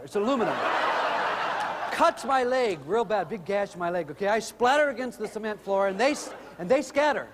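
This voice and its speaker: A middle-aged man telling humorous family stories in an animated way to an audience. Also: big-room sound, noisy background. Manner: animated, rises in pitch when excited. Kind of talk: humorous storytelling talk.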